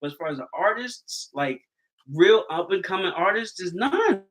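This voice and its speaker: A man co-hosting a podcast, relaxed and opinionated, often restarting his words. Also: high voice, normal speed, low-quality recording. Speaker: podcast co-host. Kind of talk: casual chat.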